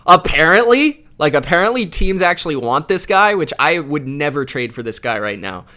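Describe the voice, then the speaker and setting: A man hosting a live football reaction stream, reading viewer chat aloud and commenting in a loud, slangy, casual way. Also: a little high, a little fast. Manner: loud, self-described yeller, slangy with frequent "bro".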